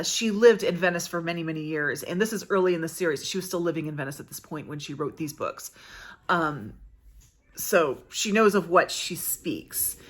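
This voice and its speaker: This American woman has a fairly low, slightly bright voice. Chatting casually about books as a vlogger, she thinks out loud, packing her review with fillers and restarts.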